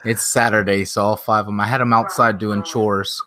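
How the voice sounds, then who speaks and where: A man's voice: fairly low pitch, little pitch movement, moderate pace, bright, forceful tone. A man joining a live stream as a guest, chatting in an easygoing, friendly way. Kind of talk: casual chat.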